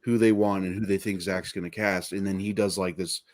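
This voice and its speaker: A laid-back male co-host in casual chat whose sentences are full of fillers. His voice sits fairly low for a man. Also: steady tone, brisk, darkish tone. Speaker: podcast co-host.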